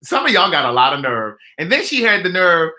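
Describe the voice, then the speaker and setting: Male vlogger: sassy, teasing, bright and forceful, a touch high, chatting at home. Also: brisk. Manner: sassy, teasing, animated storytelling with laughs. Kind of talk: casual comedic vlog. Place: indoors at home.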